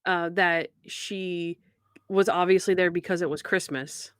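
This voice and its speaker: A woman's voice: fairly low pitch, a little slow, smooth, dry recording. Dry-sounding young woman podcast co-host. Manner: animated retelling, acting out scene quotes. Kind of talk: casual chat reviewing a TV episode.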